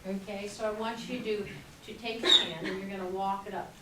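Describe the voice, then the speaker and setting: A woman's voice: mid-range voice, fairly even intonation, a little fast, heavy background noise. A woman voice teacher coaching students, demonstrating sounds and laughing often as she encourages them. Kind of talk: classroom voice coaching. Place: classroom. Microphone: distant camera mic. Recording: echoey classroom, far mic, piano music. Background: piano.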